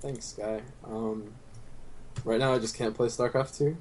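A young adult man, a guest in a casual chat, answering in a quiet, low-key, matter-of-fact way. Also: fairly even intonation, unhurried, slight background noise.

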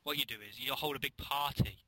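Bright, dry-sounding man. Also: mid-range voice, a little fast, breathy edge, dry recording, rough recording. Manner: playful, mock-authoritative explaining. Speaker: podcast co-host. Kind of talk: casual comedic chat.

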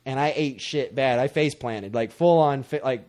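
A man's voice: medium pitch, moderate pace, darkish tone. A young man telling a story about himself in casual chat, candid and self-deprecating.

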